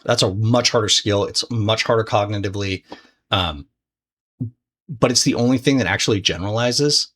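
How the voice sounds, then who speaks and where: Laid-back man teaching, low voice. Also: normal speed, a bit bright. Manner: casual, profane, conversational with frequent restarts; speaks directly to the viewer. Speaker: trading course instructor. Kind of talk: casual recorded lesson.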